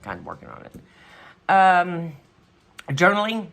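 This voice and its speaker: A middle-aged woman talks straight to her camera at home in a casual vlog. Her voice sits a little low in pitch but sounds bright and forceful. She rambles and vents in an exasperated way, often trailing off with a shrug of "whatever". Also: sing-song, unhurried, gravelly. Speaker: vlogger. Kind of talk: casual chat.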